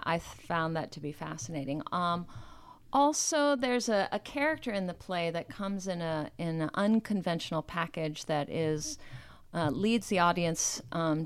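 A woman's voice: lowish voice, dry recording. A woman chatting as a guest, thoughtful and hesitant as she searches for words. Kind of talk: casual chat.

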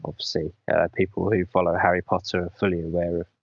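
A man in casual interview chat, talking hesitantly with many pauses and restarts. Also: deep voice, level tone, creaky, no room sound. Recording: dull dry lo-fi sound.

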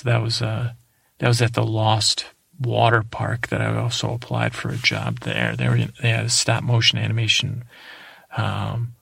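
A man's voice: medium pitch, vocal fry, fairly bright tone, breathy edge, no room sound. A man doing an improvised comedic monologue as a dull tour guide, rambling and hesitant and drifting off topic. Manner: dull, lulling delivery.

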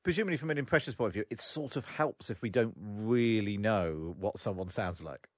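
A man's voice: on the low side, brisk, no room sound. Sex: man. Role: radio presenter. Style: interview. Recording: dry studio sound.

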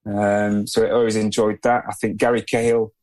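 A man who is a podcast guest, answering in a relaxed, plain-spoken way and often hedging with "I guess". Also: lowish voice, normal speed. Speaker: podcast guest, former footballer. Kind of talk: casual interview answers.

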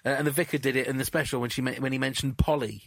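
A man's voice: medium pitch, fairly even intonation, very fast, vocal fry, dry recording. Chatty male podcast host, dry sound. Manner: chatty, stumbling over words. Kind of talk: casual interview chat.

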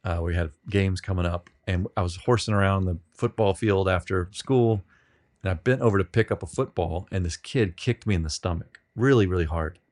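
A man being interviewed on a podcast, telling rambling, self-deprecating stories with many halting restarts. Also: low-pitched, a little mellow. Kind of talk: casual storytelling.

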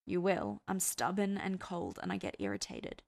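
A woman's voice: lowish voice, very animated, moderate pace, creaky, darkish tone, no room sound. A woman voicing a stubborn, guarded young man who answers in a reluctant, clipped way, read from a fan fiction audiobook.

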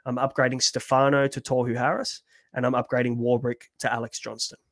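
A man's voice: mid-range voice, little pitch movement, a little fast, no echo. A man co-hosting a fantasy sports podcast, chatty and upbeat with many fillers. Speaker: podcast co-host. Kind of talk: casual fantasy sports chat.

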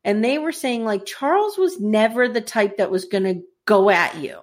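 A woman casually chatting as a podcast co-host, telling the story in an animated way and acting out quotes. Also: medium pitch, moderate pace. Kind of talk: casual chat recapping a TV series.

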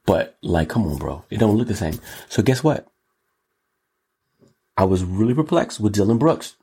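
A man hosting his own show delivers solo commentary with a low, gravelly voice that swings widely in pitch. His delivery is exclamatory and riffing, with words repeated in long runs. The tone is slightly husky throughout. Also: very animated, normal speed, warm tone. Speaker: show host. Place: Los Angeles.

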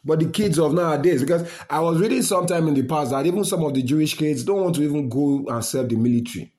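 A man with a Nigerian accent giving an impassioned monologue, mixing Pidgin and English, firing rhetorical questions and swinging between loud outbursts and low mutters. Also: fast.

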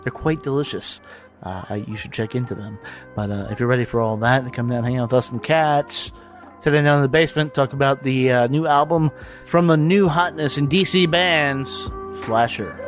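In a basement, a man hosts a podcast, chatting casually and rambling with lots of swearing and laughter. His voice is mid-range at normal speed, with faint music in the background.

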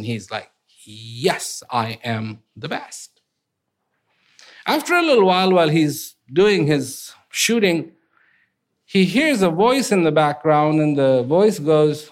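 A man telling parable stories in an animated, conversational way, with casual fillers. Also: fairly high pitch. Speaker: speaker. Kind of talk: storytelling talk.

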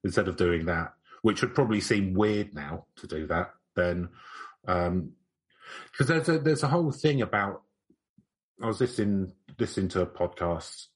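A man's voice: deep voice, expressive, moderate pace. A young man co-hosting a podcast, chatting in a dry, joking, rambling way. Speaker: podcast co-host. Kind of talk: casual banter.

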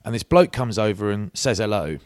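Middle-aged man, lower voice, animated storyteller, dry studio sound. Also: fairly quick, dry recording. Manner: lively storyteller, says mate a lot. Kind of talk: casual chat, anecdote telling.

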